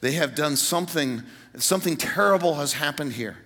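A pastor preaching an Easter sermon to a large congregation, retelling the story with animated voices. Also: male voice, moderate pace. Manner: animated storytelling, voices quotes with rising pitch. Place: large church hall. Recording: reverberant church hall.

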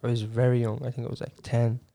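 A man's voice: medium pitch, fast talker, creaky. A young Irish man telling stories in a casual podcast chat, with lots of fillers and swearing. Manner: animated, swears, filler-heavy. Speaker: podcast co-host.

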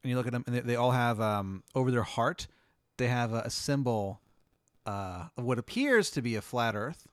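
A man's voice: medium pitch, animated, moderate pace, no echo. A man in casual chat who tells a playful, absurd hypothetical story.

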